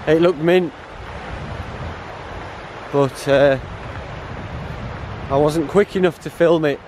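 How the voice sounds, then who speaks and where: On the high side and darkish in tone, this middle-aged man's voice is slow with fairly even intonation, and a little hiss or hum runs underneath. He's vlogging a solo hike, chatty and jokey to camera with frequent laughs, out on a hiking trail and then inside a bothy.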